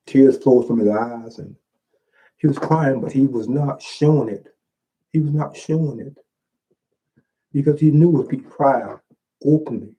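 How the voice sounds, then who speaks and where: Earnest husky-voiced man, low and mellow. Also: rough recording. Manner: earnest, preacher-like rhetorical questions. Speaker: author discussing his own book. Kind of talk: reading and reflecting on his writing.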